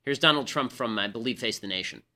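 A man hosting a political talk show, delivering a rapid, sarcastic, argumentative monologue. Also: medium pitch, bright, forceful tone, a little hiss or hum. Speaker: political commentary host.

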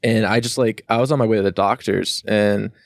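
A man as a podcast guest, telling his story in a halting, casual way with many fillers. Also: on the low side, steady tone, gravelly, no room sound, clean studio sound. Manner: halting, lots of 'like' fillers.

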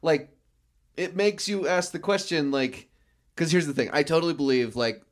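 A man's voice: on the high side, normal speed. A man guesting on a podcast, chatting casually in a rambling way, with restarts and many "like" fillers. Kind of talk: casual chat.

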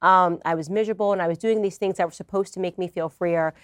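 A woman's voice: on the low side, fairly even intonation, fast, dry recording, studio quality. A woman from the United States, a guest in a conversational interview, talking in a confident, earnest and reflective way.

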